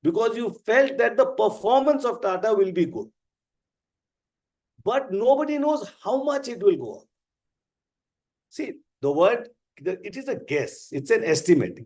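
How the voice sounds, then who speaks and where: A man with an Indian English accent teaching a live class, explaining slowly and with emphasis. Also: high-pitched, very animated, darkish tone. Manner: slow, deliberate, emphatic explaining. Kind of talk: live online class lecture.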